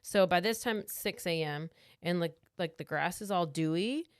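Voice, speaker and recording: A woman's voice: fairly low pitch, moderate pace, no room sound, studio quality. A woman co-hosting a podcast, casually retelling a true crime story with lots of "like" and acted-out quotes. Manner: chatty storytelling, acts out quotes, many "like"s. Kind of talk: casual chat.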